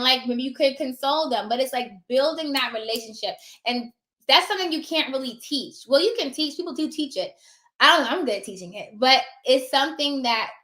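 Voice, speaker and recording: A woman talking casually about her notary work, chatty and animated, acting out little scenes of dialogue, sounding tired. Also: sits high, reverberant. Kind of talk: casual advice talk.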